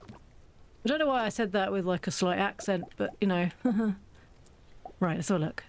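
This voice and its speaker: At a normal speed and with frequent pauses, this woman's mid-range voice carries casual let's-play commentary as she streams a farming game. She is chatty, mocks herself, and thinks aloud as she goes.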